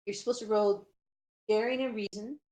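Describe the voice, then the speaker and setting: A woman running a tabletop game as game master, calling out rolls and rules in a brisk, instructive way. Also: mid-range voice, fairly even intonation, warm tone.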